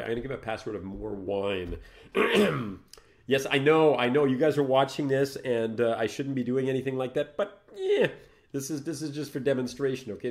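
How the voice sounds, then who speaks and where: Chatty, jokey man hosting a live tutorial. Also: medium pitch. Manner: jokey, rambling, thinks aloud while typing; greets and toasts viewers in the chat. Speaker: host of a live Linux tutorial show.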